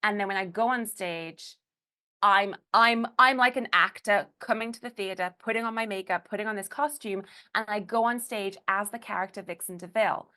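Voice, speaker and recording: An English woman from Newcastle, speaking with a Geordie accent at an everyday middle pitch. She talks in a loose, casual podcast manner, quick bursts full of restarts. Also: sharp tone. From Newcastle, England. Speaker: guest, burlesque host and comedian.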